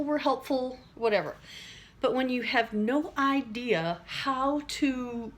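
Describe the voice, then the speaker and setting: Her voice sits high and sounds a bit bright as this middle-aged woman rambles casually to camera about everyday stress. In the teaching monologue she voices little characters and laughs at herself.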